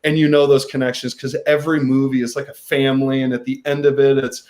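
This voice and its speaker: A man from Missouri, an actor, speaking as a guest on a panel. He talks in halting bursts with frequent restarts. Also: mid-range voice, little pitch movement, a little mellow. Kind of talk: panel discussion.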